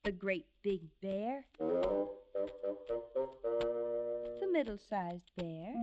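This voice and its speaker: A woman narrating a children's story with expressive, sing-song delivery, on an old record over orchestra music. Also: a little high, takes it slowly. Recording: dull old vinyl record.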